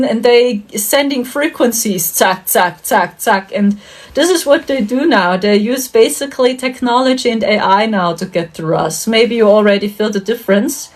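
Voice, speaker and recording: A woman hosting her own spiritual channel, talking casually and earnestly about her dreams, often breaking into giggles. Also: mid-range voice.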